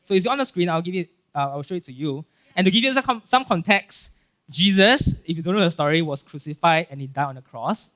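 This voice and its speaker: Man, Singaporean English accent, high voice, animated casual sermon, lots of "right?" and "okay?". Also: fairly quick. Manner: animated, acts out Bible scenes with voices; casual filler-heavy talk with frequent "right?" and "okay?". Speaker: pastor.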